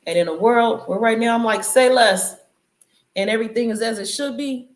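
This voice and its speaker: Talking fast in a slightly high voice, the female channel host preaches casually in an echoey space, tossing off loose, conversational spiritual riffs.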